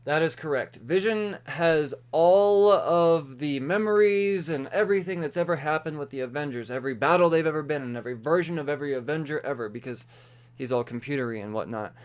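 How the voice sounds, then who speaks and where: A man's voice: fairly high pitch, a little fast, clear, resonant tone. A young man hosting a solo comics podcast, rambling loosely and swearing freely while he sums up the week's issues, a little tipsy from beer. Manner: loose and profane, quoting characters in offhand voices. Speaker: podcast host reviewing comics. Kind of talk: casual solo podcast chat.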